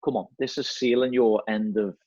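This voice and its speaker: Speaking with a Scouse accent, this middle-aged football manager is a guest in a casual chat, spinning stories while repeating words and dropping "mate" and "you know what I mean". He has a fairly low, darkish, steady voice at a normal pace. The recording is dry, lo-fi, and slightly dull.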